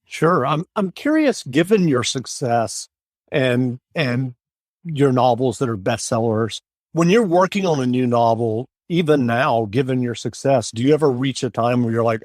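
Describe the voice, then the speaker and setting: A man's voice: mid-range voice, animated, moderate pace, a little mellow, no room sound, studio quality. Casual male podcast host. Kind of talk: interview podcast.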